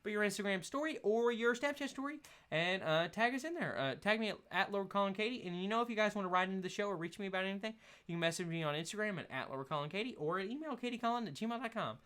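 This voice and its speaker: A man's voice: sits high, lively intonation, quick pace, hardly any pauses, a bit bright. Young guy rambling on his podcast, laughs a bunch, voice goes up and down a lot. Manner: laughs often, rambling and chatty. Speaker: podcast host. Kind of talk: casual solo podcast rant.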